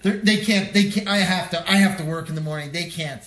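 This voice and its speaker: A man's voice: high-pitched, a little fast, a bit bright. A man hosting a casual live talk show and trading dry, teasing jokes. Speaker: podcast host. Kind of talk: casual chat. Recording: roomy echo.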